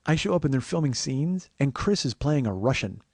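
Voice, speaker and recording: Gravelly-voiced comic in his forties, podcast host spinning a profane, rambling yarn; dry, close sound. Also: medium pitch, fairly quick, no echo. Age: 40s. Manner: profane, rambling, animated storyteller. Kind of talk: comedic storytelling monologue.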